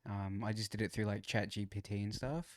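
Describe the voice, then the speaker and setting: A man's voice: on the low side, steady tone, brisk, no echo, studio quality. A man co-hosting a podcast, chatting casually, laid-back, swearing and joking. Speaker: podcast co-host. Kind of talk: casual chat.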